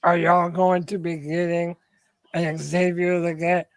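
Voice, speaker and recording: Animated sports podcast co-host, high pitch, dry close mic. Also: male voice, measured pace, dry recording. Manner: animated, asks the panel questions. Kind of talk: casual sports talk.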